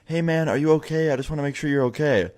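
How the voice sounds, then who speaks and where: A man's voice: fairly high pitch, fast talker, a little mellow, pitched above the performer's own voice, lightly acted. Man impersonating a nervous young friend; raised, pleading voice. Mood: worried, urgent. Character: narrator's worried young male friend.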